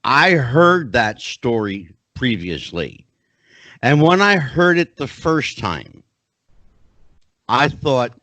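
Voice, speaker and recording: Lively middle-aged man hosting, dry close sound. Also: mid-range voice, takes it slowly, long pauses, dry recording. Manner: animated, chatty, leads into questions at length. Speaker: podcast host. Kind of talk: conversational interview hosting.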